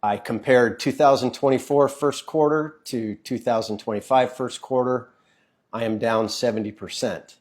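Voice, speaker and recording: Man, business owner; measured, matter-of-fact delivery. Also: mid-range voice, steady tone. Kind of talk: measured personal account.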